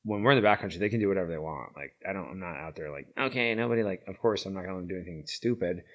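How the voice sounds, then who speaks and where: Deep-voiced middle-aged man telling a story. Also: racing. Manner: rambling, filler-heavy, loudness swings from lively to hushed. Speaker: interview guest, founder of a veterans' horse program. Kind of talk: casual storytelling.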